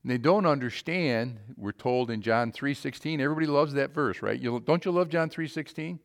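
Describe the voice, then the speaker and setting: A man preaching a sermon, with emphatic calls that swing to quiet, low asides. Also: brisk, gravelly.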